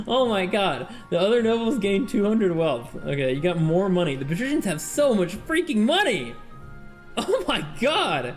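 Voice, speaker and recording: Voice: medium pitch, very animated, normal speed, soft background music. A streamer chatting casually with viewers during a game, laughing often and reading game text aloud. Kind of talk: casual live-stream gameplay chat.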